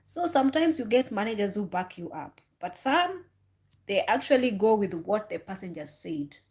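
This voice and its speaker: A woman vlogger and former flight attendant, chatting casually on a livestream and telling animated stories in which she mimics passengers. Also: medium pitch, moderate pace.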